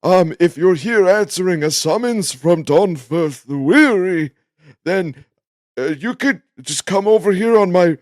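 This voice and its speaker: A man playing a tabletop game who speaks in slow, rambling, drawn-out in-character speech. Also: high voice, lively intonation, no echo, studio quality. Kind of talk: tabletop role-play.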